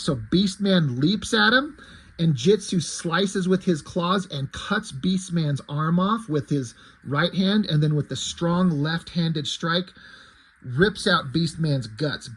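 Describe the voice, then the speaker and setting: A man's voice: a little high, slightly rough, poor audio. A man, a comic creator, casually recapping his story in a loose, rambling way.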